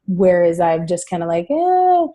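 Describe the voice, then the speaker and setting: Low, mellow-voiced woman chatting. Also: normal speed. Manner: relaxed, hesitant, with fillers and restarts. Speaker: talk show co-host. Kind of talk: casual chat.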